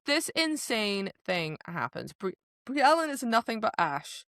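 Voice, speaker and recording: A woman co-hosting a book podcast, retelling scenes in an animated, ranting way with emphatic outbursts. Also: fairly high pitch, a little slow, no room sound, clean studio sound. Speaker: podcast co-host. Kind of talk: casual book-discussion chat.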